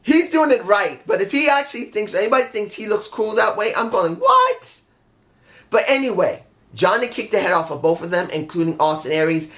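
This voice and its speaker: A man's voice: high voice, lively intonation, brisk, fairly bright tone. A man giving a casual, off-the-cuff wrestling review, rambling and breaking into exasperated asides.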